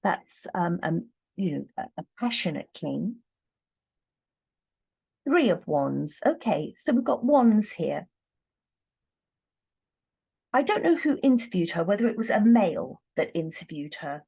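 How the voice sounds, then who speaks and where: A woman reading tarot cards in a casual, thoughtful monologue, pausing often and restarting her sentences. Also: lowish voice, big pitch swings, vocal fry, dark tone, breathy edge. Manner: thoughtful, hesitant, many ums and restarts. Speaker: tarot reader.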